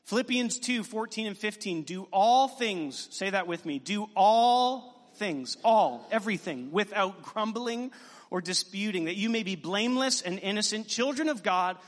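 High-voiced pastor preaching in a reverberant hall. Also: male voice, normal speed. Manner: animated, joking asides to the congregation. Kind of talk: sermon. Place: church sanctuary. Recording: long reverb in a church hall.

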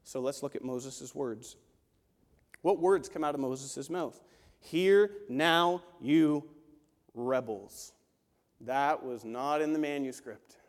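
A man preaching a sermon as a pastor, animated and acting out the voices he quotes. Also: mid-range voice, a little slow. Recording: long hall reverb.

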